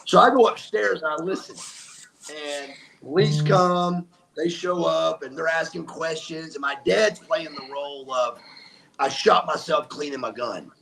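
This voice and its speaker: A man's voice: on the high side, a little slow, creaky. An older man, telling stories as an interview guest, emphatic and acting out what people said. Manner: emphatic, acts out quotes. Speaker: guest, former wrestler. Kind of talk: animated storytelling.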